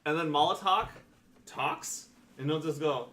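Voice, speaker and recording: A man's voice: on the high side, a little slow, reverberant, noisy background. A man running a tabletop game as game master, narrating loosely with lots of fillers and casual cursing.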